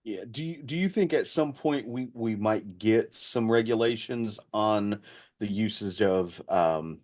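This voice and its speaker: A podcast co-host asking a guest questions in a halting way, with many pauses and restarts. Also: medium pitch, a little mellow. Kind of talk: casual interview chat.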